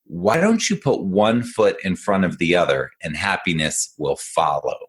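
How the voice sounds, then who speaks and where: A man's voice: low-pitched, expressive, a little slow, husky, heavily acted. A man voicing an old, wise male dog in a spoken story, laid-back and calling the other dog dude. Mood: calm advising.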